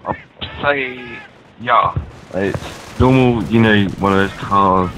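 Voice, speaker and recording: A man with a fairly low voice takes his time with a comedic in-character ramble, hesitating with frequent ums and restarts. Loud game gunfire and battle noise sit beneath him, adding background noise.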